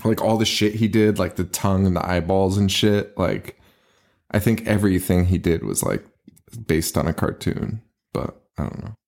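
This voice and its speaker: A man's voice: deep voice, animated, normal speed, gravelly, darkish tone. A man co-hosting a horror podcast, recapping a movie in casual chat, laughing often and swearing in disbelief. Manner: profane, laughing, incredulous. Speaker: podcast co-host.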